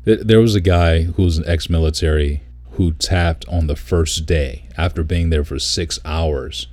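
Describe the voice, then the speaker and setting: Man, extremely low voice, dry close sound, animated casual storyteller who swears freely. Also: moderate pace, few pauses, dry recording. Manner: animated storyteller, swears, mimics people in high voice. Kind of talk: casual chat.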